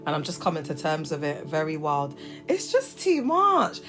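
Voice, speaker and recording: A British woman hosting a casual livestream chat, talking in lively slang and laughing often. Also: low-pitched, normal speed, music in the background. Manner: chatty and animated, laughs often, heavy slang. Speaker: livestream host.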